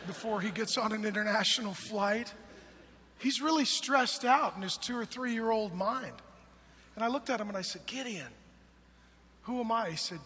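Forties male preacher, bright ringing voice, emphatic calls dropping to hushed storytelling, faint room hum. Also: high-pitched, in a large hall. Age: 40s. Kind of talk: sermon.

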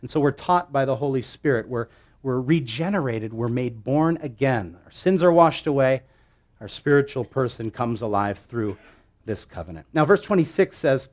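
A male pastor preaching a sermon, teaching with lively asides and rhetorical questions to his listeners. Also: mid-range voice, moderate pace.

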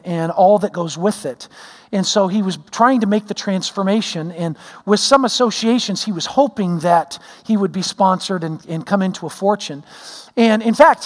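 A middle-aged pastor preaches a sermon in a church sanctuary, telling stories in a folksy, self-deprecating way with lots of fillers. His voice is high-pitched, and the room leaves a long reverb tail.

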